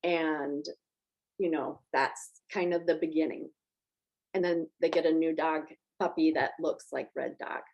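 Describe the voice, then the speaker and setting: A woman's voice: low-pitched, fairly even intonation, a little slow, highs cut off. A woman on a movie podcast, chatty and emotional as she retells a film's plot. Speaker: podcast panelist. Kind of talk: casual movie discussion.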